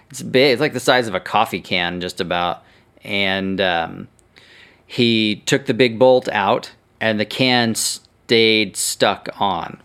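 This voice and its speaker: A man's voice: on the low side, a bit bright, smooth. A middle-aged man hosting his own podcast, ranting casually and with plenty of swearing about bad advice online. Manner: worked-up ranting, profane, quick to sarcasm. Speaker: podcast host. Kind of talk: casual solo podcast talk.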